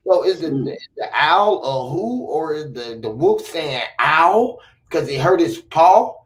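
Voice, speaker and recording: A man's voice: a little high, lively intonation, measured pace. A man in playful casual banter with friends, stammering through repeated words and mimicking animal sounds. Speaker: friend in group chat.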